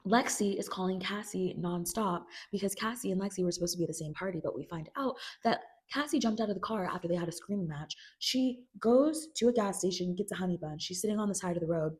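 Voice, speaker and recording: A woman talking through a TV series recap in a loose, chatty way, peppered with "like" and quick acted-out quotes. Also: medium pitch, darkish tone, breathy edge. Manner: chatty, filler "like", acts out characters' quotes. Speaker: video creator recapping a TV series. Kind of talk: casual recap chat.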